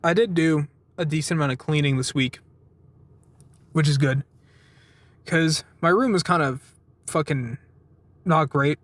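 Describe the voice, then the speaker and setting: A man's voice: a little high, unhurried, long pauses, no room sound. A man giving a casual, rambling vlog update. He swears freely, laughs through his stories and keeps wandering off topic. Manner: wandering, self-interrupting storytelling. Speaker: vlogger.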